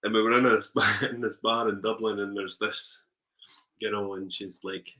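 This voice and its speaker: A man's voice: fairly low pitch, little pitch movement, normal speed, pushed and bright, poor audio. A man co-hosting a casual chat, telling rambling stories with frequent laughs and ums. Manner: rambling storyteller, laughs often, trails off with ums. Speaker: podcast co-host.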